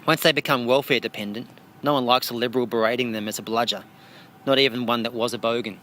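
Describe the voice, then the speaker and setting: A man's voice: medium pitch, fairly even intonation, fast, pushed and bright, a little hiss or hum. An Australian man answering radio interview questions as a featured artist, with dry, wry asides.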